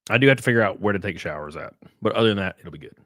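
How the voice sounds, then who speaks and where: A male streamer chatting casually and joking his way through thanks to viewers. His pitch moves all over the place. The sound is close and dry. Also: lively intonation, racing, a bit bright, no room sound. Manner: joking, rambling, often laughing. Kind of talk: casual live stream chat.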